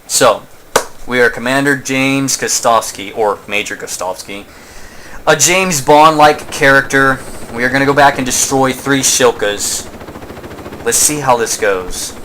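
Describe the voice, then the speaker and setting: A man's voice: mid-range voice, unhurried, background noise. A man hosting a casual let's play, rambling and joking in self-mocking asides while he plays. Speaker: gaming channel host.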